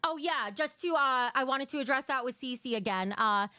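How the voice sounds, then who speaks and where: A woman's voice: high-pitched, moderate pace, bright, forceful tone, clean tone, no echo, studio quality. A young woman hosting a livestream, talking bluntly and emotionally, swearing freely while answering her chat. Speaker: livestream host.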